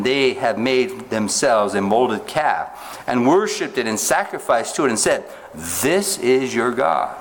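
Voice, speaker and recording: A man preaching a sermon, reading scripture aloud slowly and stopping often to ask his listeners rhetorical questions. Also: medium pitch, slight background noise. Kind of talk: sermon, Bible teaching.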